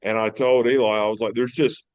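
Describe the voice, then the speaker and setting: A man with a drawl spins fishing-trip stories on a podcast, circling back with fillers and restarts as he builds up emphasis. His voice is smooth and resonant, and the sound is dry and close with no room echo. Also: fairly low pitch, fairly even intonation, fairly quick, darkish tone. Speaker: fishing boat captain, guest. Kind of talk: casual storytelling interview. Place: podcast studio.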